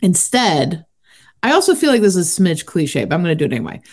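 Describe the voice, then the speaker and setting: A woman's voice: on the low side, big pitch swings, quick pace, darkish tone. A woman hosting a podcast, chatting casually and laughing often. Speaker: podcast host.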